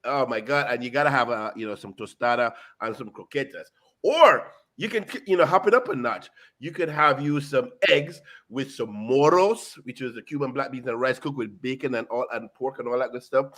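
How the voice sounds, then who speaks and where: A man hosting a casual food chat, hyped and talkative, full of "you know" and "boom". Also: normal speed, a bit bright. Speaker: show host. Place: South Florida.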